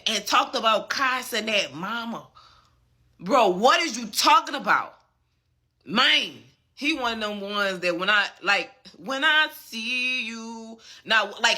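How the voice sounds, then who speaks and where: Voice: mid-range voice, bright, forceful tone. A vlogger delivering a fired-up, profane commentary rant and repeatedly checking in with the listener. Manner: emphatic and profane, often asking "you get what I'm saying". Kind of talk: ranting commentary.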